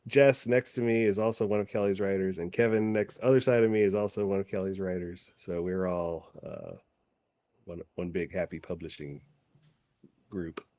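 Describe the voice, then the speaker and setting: A man's voice: low-pitched, fairly even intonation, moderate pace, mellow, no echo. A man, an author and game master, chatting casually and animatedly, often laughing at himself. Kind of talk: casual chat. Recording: dull lo-fi audio.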